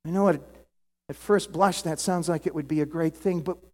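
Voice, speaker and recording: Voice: mid-range voice, fairly even intonation, normal speed, mellow. American preacher in a reverberant hall. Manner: conversational, with joking asides to the congregation. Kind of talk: sermon.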